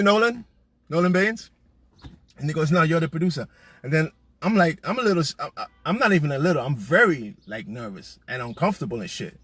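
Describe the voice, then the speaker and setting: A man hosting from his car, telling a long rambling story in a casual, swearing, animated way. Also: medium pitch, slightly rough. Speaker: host.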